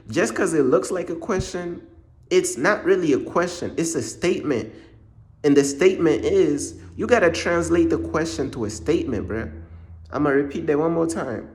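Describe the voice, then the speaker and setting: A man preaching in a casual monologue, blunt and repetitive, full of street slang. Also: a little high.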